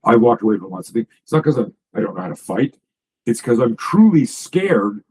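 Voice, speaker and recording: A man's voice: medium pitch, very animated, a little fast, darkish tone, breathy edge, low-quality recording. A man, a self-defense coach, talking as a guest in a casual podcast conversation, emphatic and profane, piling up stories and restarting sentences.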